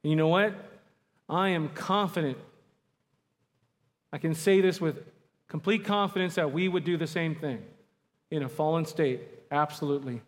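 A man preaching a sermon, emphatic, slowing down to stress key words. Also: fairly high pitch. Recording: long hall reverb.

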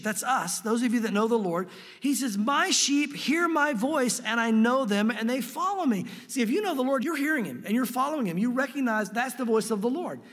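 A man preaching a sermon from a church sanctuary, earnest and emphatic, slowing down to read scripture aloud. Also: very high voice, a bit bright, husky. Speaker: pastor. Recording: long reverb of a large hall.

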